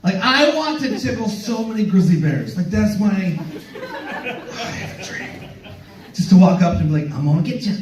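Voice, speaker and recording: A man performing stand-up on a club stage, his high voice bouncing all over the place. He rambles and trips over restarts as he jokes with the audience, and the sound is roomy, from a mic some distance away. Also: expressive, normal speed, long pauses. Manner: rambling, stammering restarts, playful crowd banter. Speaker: stand-up comedian headlining. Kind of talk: stand-up comedy set with crowd work.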